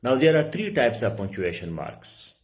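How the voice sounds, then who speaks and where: A middle-aged male teacher giving a lecture, explaining slowly, repeating key words and often clearing his throat. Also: mid-range voice, very animated. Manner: slow, repetitive explaining with frequent throat clearing; restates key words for emphasis. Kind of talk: lecture on writing.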